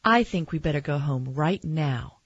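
A woman's voice: low-pitched, expressive, moderate pace, slightly rough, dry recording, dull audio. Woman reading as a weary, put-upon mom. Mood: exasperated. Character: weary, exasperated mother of a young boy. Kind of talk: storybook reading.

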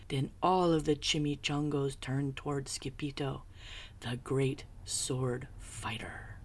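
A woman narrating a children's picture book in a hushed, husky, whispery voice. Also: extremely low pitch, fairly even intonation. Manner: slow, hushed, whispery storytelling.

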